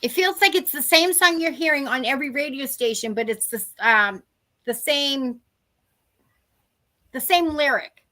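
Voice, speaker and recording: In a live-streamed session of chat and readings, a psychic medium with a Boston accent speaks at normal speed with long pauses over a video call mic. Her high-pitched voice sounds bright and forceful as she rambles chattily, breaking off mid-sentence again and again.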